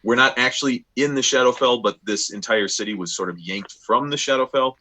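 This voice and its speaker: A man's voice: mid-range voice, brisk, sharp tone. A man running a tabletop game as game master, narrating and explaining in a loose, chatty way with many fillers and restarts.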